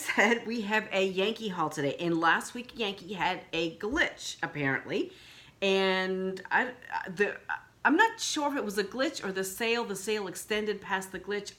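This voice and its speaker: Woman, casual vlog, ranting, blunt, profane, bright tone, lowish pitch. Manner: indignant, blunt, swears freely. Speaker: vlogger.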